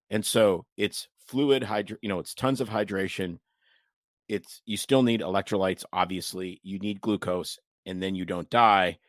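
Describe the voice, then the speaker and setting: A man co-hosting a podcast, chatting bluntly and jokingly with quick restarts. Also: fairly low pitch, no room sound, clean studio sound. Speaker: podcast co-host, doctor. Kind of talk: casual chat over drinks.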